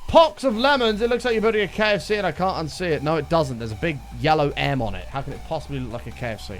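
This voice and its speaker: A man talking through a gaming livestream in a loose, jokey way, reading out chat and answering it. His pitch jumps around a lot as he talks, and faint music plays underneath. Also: expressive, rapid-fire. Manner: jokey, chatty, reads and answers chat aloud. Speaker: streamer.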